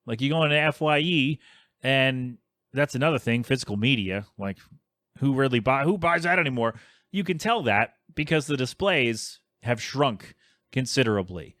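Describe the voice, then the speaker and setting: A man's voice: medium pitch, fairly bright tone, no room sound, studio quality. A man in his thirties hosting a podcast, rambling casually with plenty of fillers and grumbling asides. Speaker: podcast host.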